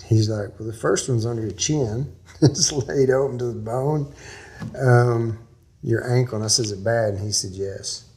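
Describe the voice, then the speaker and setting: A man's voice: medium pitch, normal speed, darkish tone. A man from Texas, a guest in an interview, telling a long story in a folksy, rambling way with small laughs.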